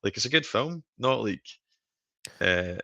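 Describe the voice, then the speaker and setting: A man's voice: fairly low pitch, animated, measured pace, creaky, bright, forceful tone, no room sound, muffled recording. A Scottish man in his thirties hosting a casual live stream chat, telling stories animatedly and laughing often. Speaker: stream host.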